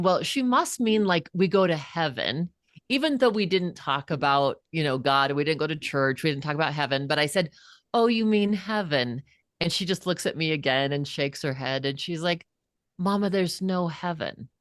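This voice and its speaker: A woman's voice: deep voice, brisk, dry recording, studio quality. A woman guest and author in an interview, telling a personal story earnestly and with animation. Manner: earnest, animated, acts out quoted voices.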